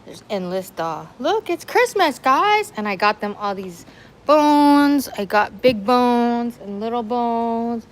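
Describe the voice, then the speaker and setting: A woman's voice: on the high side, slow pace, rough recording. A woman vlogger chatting casually on a livestream at home, slipping into cooing baby talk to her dogs.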